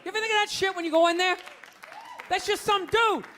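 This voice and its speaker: High, bright ranting stand-up comedian man. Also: fairly even intonation, a little fast, a faint crowd, slight background noise. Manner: ranting, profane, exasperated. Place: comedy club stage. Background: audience laughter.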